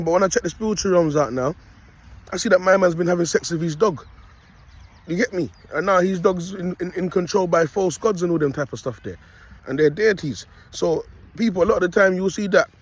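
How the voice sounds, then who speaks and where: A young man talks in a rambling, preachy monologue. His voice sits fairly high and sounds husky. He keeps circling back with slang tags. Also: brisk. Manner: rambling, street slang, repeats "you get me". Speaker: self-styled prophet vlogger.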